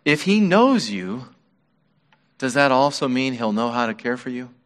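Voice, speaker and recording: A man preaching a sermon as pastor, earnest and measured, his voice dropping softly on key words. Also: mid-range voice, sing-song. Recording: long reverb of a large hall.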